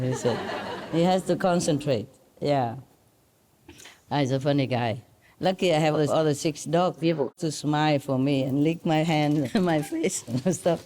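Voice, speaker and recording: A woman's voice: sits low, unhurried, dark tone. A woman spiritual teacher telling fond, teasing stories in casual chat, laughing often.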